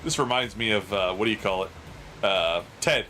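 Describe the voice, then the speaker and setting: A man's voice: lowish voice, moderate pace, pushed and bright, soft background music. A man in his thirties hosting a sports card auction stream, joking profanely and laughing hard at his own stories. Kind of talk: casual livestream auction chat.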